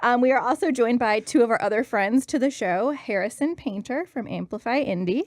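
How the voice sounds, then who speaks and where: A woman's voice: fairly high pitch, brisk, no room sound. A young woman hosting a casual studio talk show, upbeat and teasing her guests. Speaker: host.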